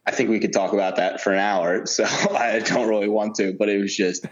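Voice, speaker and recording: A man co-hosting a casual sports podcast, relaxed and talkative, laughing often between many fillers. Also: fairly low pitch, brisk. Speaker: podcast co-host. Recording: dull lo-fi sound.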